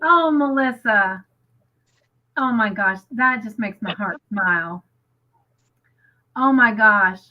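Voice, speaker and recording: A woman co-hosting a crochet livestream, gushing excitedly and reading viewer comments aloud. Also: fairly high pitch, slow, pauses often, phone-quality sound. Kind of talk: casual live chat, reading comments.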